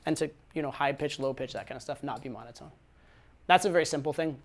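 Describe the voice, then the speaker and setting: A man's voice: medium pitch, fast, creaky. A man giving casual dating advice, talking conversationally with repeated words and frequent "right?" tag questions. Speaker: dating coach.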